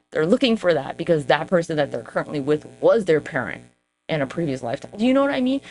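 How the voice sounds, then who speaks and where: A woman's voice: a little mellow, a little hiss or hum. Rambling, profane woman podcaster. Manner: rambling, profane, jumps in pitch for emphasis. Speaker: podcast host. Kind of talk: casual monologue.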